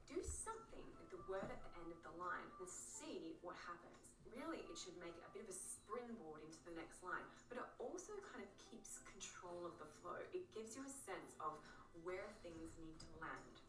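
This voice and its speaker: A woman explaining poetic rhythm in a video lesson, demonstrating patterns aloud in a lively way. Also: fairly low pitch, normal speed. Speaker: acting teacher in a video. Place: video played on a stream. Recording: roomy, distant, music behind.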